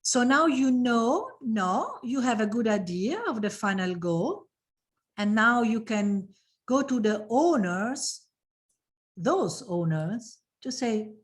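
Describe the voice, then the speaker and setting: Slow, emphatic woman trainer. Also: fairly high pitch, expressive. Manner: emphatic, repeats phrases, emotional about her subject. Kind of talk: online training session.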